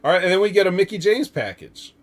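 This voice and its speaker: A man hosts a casual podcast with a slightly high voice, recapping wrestling in a loose, joking way. He swears freely and laughs at his own jokes as he talks. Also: sing-song, fast. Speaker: podcast host.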